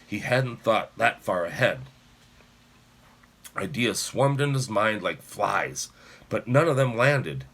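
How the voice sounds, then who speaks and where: Brief: male audiobook narrator, husky lowish voice, lively pitch. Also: takes it slowly, long pauses. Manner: expressive, shifting voices for characters.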